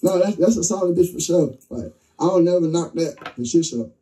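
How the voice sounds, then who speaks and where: Young man, interview guest, animated storyteller, darkly toned voice, heard from a distance. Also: fairly high pitch, a little fast. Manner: excited, vivid, acts out quotes.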